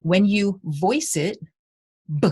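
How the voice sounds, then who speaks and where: A woman's voice: fairly low pitch, animated, normal speed, husky. A woman literacy educator giving a recorded conference presentation, explaining and guiding listeners through speech-sound exercises.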